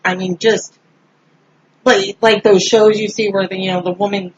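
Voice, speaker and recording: A woman in casual podcast chat, telling a story in an animated way. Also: medium pitch, normal speed, a little hiss or hum. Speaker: podcast co-host. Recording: slightly dull lo-fi sound.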